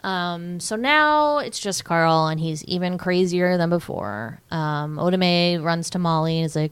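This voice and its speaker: A woman in her thirties with a slightly low voice, chatting casually as a podcast co-host. She talks loosely and swears freely. Her voice is close and dry. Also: unhurried, few pauses, smooth, dry recording. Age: 30s. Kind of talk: casual movie recap chat.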